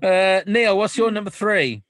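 A man's voice: high voice, lively intonation, measured pace, a bit bright. A man hosting a casual chat podcast, teasing the others and asking the questions. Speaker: podcast host.

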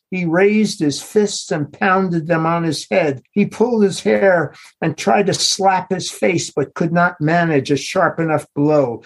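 Male author-narrator, unhurried literary reading, slightly husky tone. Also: sits high. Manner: measured, unhurried storytelling. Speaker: author reading his novel.

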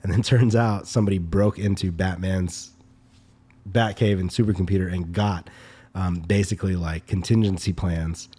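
A young man chats casually as a podcast co-host. He talks freely and laughs easily. His voice sits a bit low. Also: fairly even intonation, moderate pace, warm tone, breathy edge. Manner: chatty, easily amused. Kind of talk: casual chat.

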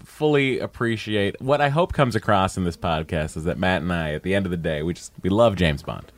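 A man's voice: deep voice, animated, fairly quick. A man co-hosting a podcast, teasing and wisecracking. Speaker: podcast co-host. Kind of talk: casual podcast chat.

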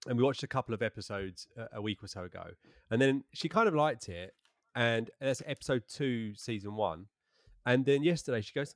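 A man in his thirties co-hosting a casual podcast. He tells anecdotes with halting restarts. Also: medium pitch, expressive, no room sound, studio quality. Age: 30s. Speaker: podcast co-host. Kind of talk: casual chat.

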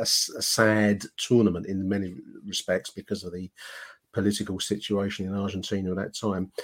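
A man's voice: on the low side, slightly rough. A man hosting a football history podcast, talking in a chatty, meandering way with many restarts. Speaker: podcast host. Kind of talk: casual podcast chat.

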